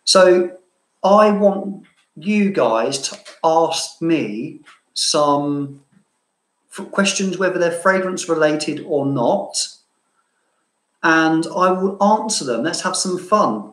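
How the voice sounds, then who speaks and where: A man from southeast London with a London accent softened by Cambridge, chatting casually and self-mockingly to viewers as he answers their questions, laughing often. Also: fairly high pitch, animated, slow, reverberant, poor audio. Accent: London with a bit of Cambridge. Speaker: fragrance vlogger.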